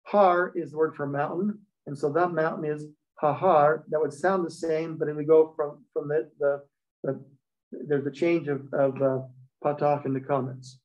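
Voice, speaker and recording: A man's voice: on the high side, fairly even intonation, moderate pace. A man teaching a Hebrew class, explaining step by step and checking in with the students. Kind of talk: classroom lecture. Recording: dull lo-fi recording.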